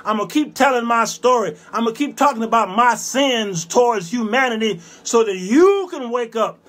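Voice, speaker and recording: A man in his fifties hosting a show, delivering a fiery, scolding monologue with repeated hammering phrases and bursts of shouting. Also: high voice. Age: 50s. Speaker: show host. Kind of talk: ranting monologue.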